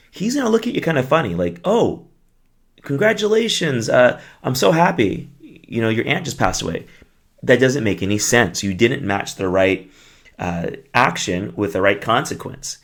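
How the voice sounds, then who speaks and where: A man's voice: on the low side, vocal fry. A middle-aged man, a behavior analyst, giving a conversational parenting lesson and acting out short dialogues. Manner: conversational, acts out little dialogues.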